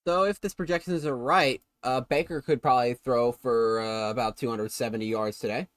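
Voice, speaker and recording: A man streaming himself calling a football video game play-by-play in a casual way, correcting himself and bursting with excitement on big plays. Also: medium pitch, brisk, dry recording, studio quality.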